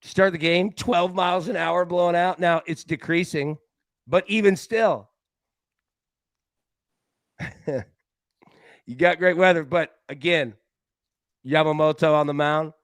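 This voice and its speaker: A man hosting a live sports betting show, talking in a casual, excitable way full of slang and stammered restarts. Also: on the high side, slow pace, pauses often, dry recording, rough recording.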